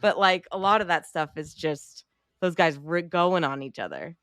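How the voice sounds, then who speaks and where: A woman's voice: on the low side, animated, normal speed, fairly bright tone, no echo, clean studio sound. A woman co-hosting a podcast, chatting casually and animatedly, laughing often and acting out lines. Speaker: podcast co-host. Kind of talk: casual chat.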